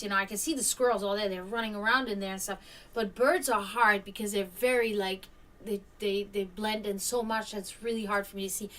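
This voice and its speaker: A woman's voice: mid-range voice, fairly bright tone, far from the mic. A woman hosting a stream, telling a story casually, rambling with many fillers and restarts. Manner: imitates hawk caws. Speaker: stream host.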